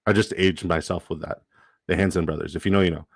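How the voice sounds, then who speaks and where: A young man hosting a livestream in casual chat, profane, excitable and given to rambling asides. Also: low-pitched, a little fast, no echo. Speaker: livestream host.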